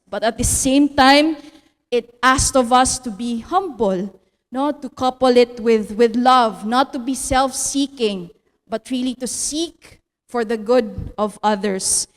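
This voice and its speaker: A Filipino woman lectures as a theology teacher, her voice pitched high and her sentences often ending in a questioning "no?". She slips Tagalog words into her talk. The sound carries a long reverb, like a large hall. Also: slow pace. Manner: tag "no?" after phrases, mixes in Tagalog.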